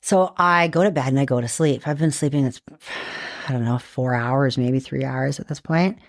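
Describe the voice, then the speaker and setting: A woman from Canada, a podcast guest, telling a story in a casual, animated and profane way, full of "like". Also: a bass voice, no room sound. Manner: animated, profane, quick with frequent "like".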